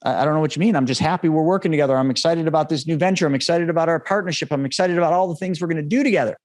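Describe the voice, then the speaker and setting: A man quoting an excited, upbeat male business partner on a phone call. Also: a little high, very fast, voice pushed up, close to an everyday voice. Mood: cheerful. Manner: excited and eager.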